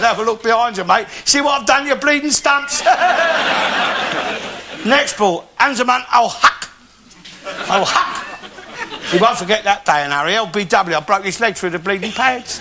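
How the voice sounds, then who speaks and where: Alf Garnett, a ranting old Cockney. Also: male voice, high-pitched, full character voice. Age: older. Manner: ranting, swearing, crude bragging. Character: bigoted boastful old working-class Londoner. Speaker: comic character monologue. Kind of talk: stand-up monologue in character. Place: TV studio before live audience. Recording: loud noisy live recording with clicks.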